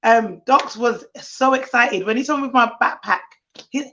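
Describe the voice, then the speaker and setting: On a muffled, lo-fi stream with slight background noise, a woman nanny and co-host chats casually at normal speed. Her fairly high voice livens up her stories as she imitates kids.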